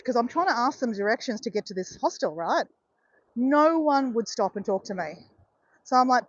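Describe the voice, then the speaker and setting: A woman's voice: on the high side, big pitch swings, normal speed, dry recording, lo-fi sound. Chatty woman telling a travel story. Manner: chatty, keeps saying "guys" and "right". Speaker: vlogger. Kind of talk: casual storytelling on a walk.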